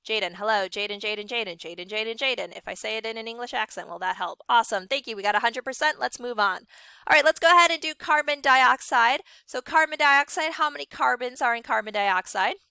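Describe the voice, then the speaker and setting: A young woman science teacher running an online class, upbeat and encouraging, briskly calling on students by name. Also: fairly high pitch, vocal fry, pushed and bright, smooth, no room sound.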